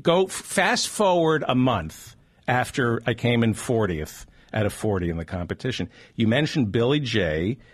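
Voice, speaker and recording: A man's voice: medium pitch, very animated, moderate pace, no room sound. A man hosting a casual comedy podcast, prompting his guest with short questions. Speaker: podcast host.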